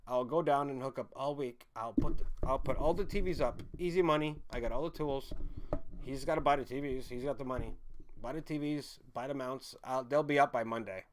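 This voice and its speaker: A man's voice: mid-range voice, fairly quick, slight background noise. A young man streamer chatting casually, rambling, repeating himself and often apologizing.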